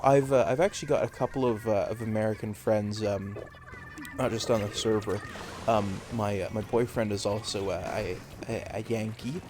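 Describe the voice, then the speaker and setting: A man's voice: fairly low pitch, steady tone, moderate pace, background noise. A Canadian man chatting casually on a live game stream, rambling and hesitant with many fillers.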